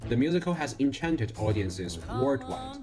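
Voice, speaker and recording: A man giving scripted narration for a report in a measured, formal tone. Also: medium pitch, sing-song, over music. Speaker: news narrator.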